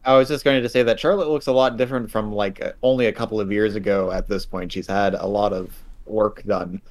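A man's voice: lowish voice, steady tone, a little fast. A man co-hosting a casual podcast, chatting in a rambling way with fillers. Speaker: podcast co-host. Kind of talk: casual chat.

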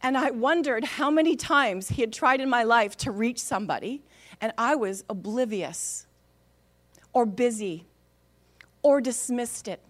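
A middle-aged woman telling a personal faith story in an expressive, animated way. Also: on the high side, a little slow.

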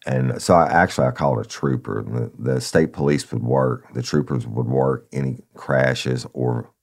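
A man's voice: extremely low pitch, fairly even intonation, moderate pace, gravelly. A man, a former police officer telling a story casually, calling listeners "y'all" and swearing freely.

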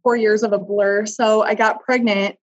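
A woman tells her own story as an interview guest, candid and emotional, pausing and restarting as she searches for words. Her voice sits at an ordinary pitch. The recording sounds slightly dull and lo-fi. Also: level tone. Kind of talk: personal storytelling in conversation. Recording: dull lo-fi audio.

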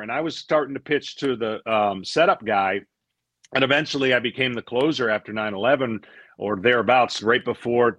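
Animated man telling a story, dry sound. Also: medium pitch, dry recording. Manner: animated storyteller acting out quotes. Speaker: interview guest, former pitcher. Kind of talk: casual storytelling interview.

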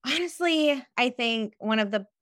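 A woman's voice: fairly high pitch, lively intonation, moderate pace, fairly bright tone, clear, resonant tone, dry recording, clean studio sound. A woman guest, a business owner and mother, speaking openly and heartfelt in a candid interview over a call. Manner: heartfelt, open, slightly giggly.

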